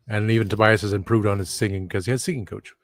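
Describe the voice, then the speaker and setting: A man's voice: fairly low pitch, fairly even intonation, rapid-fire, no room sound. Rambling man thinking aloud. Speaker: vlogger. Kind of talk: casual vlog monologue. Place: at home. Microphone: camera at some distance.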